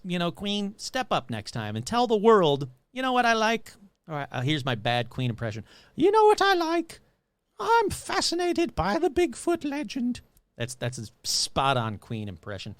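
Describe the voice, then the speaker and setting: A man hosting a podcast, reading paranormal news in a jokey, animated way and tripping over words. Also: a little high, dry recording. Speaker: podcast host. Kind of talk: casual paranormal news commentary.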